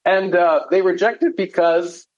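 A man's voice: high-pitched, fairly even intonation, measured pace, a little mellow, muffled recording. A man preaching a conversational sermon, earnest, often asking rhetorical questions and checking in with "right?". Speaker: pastor teaching a Bible study.

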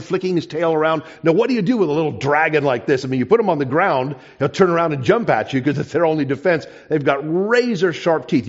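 A man in mid pitch tells a story to an audience as part of a creationist talk, animated and building up to emphatic points. He drops into a soft, hushed voice when quoting himself. The recording is dull and slightly muffled. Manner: animated storyteller, softens for quoted asides. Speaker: creationist speaker.

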